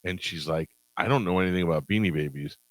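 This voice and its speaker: A man with a very low voice hosts a radio show, spinning a funny story in an easy, amused way. The studio sound is close and dry. He laughs easily as he goes. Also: fast talker, no room sound, poor audio. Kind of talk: casual radio chat.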